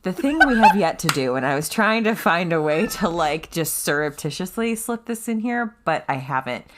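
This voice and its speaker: Low-voiced woman podcast co-host. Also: expressive, moderate pace, a bit bright, a little hiss or hum. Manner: wry, bantering. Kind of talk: casual chat.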